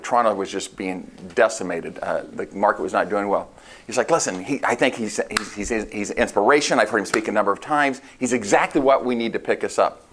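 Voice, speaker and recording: Low-voiced man telling stories to a sales team. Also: slight background noise. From United States. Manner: casual, animated storytelling with laughs and acted quotes. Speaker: real estate sales meeting leader. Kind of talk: storytelling talk to a sales meeting. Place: meeting room.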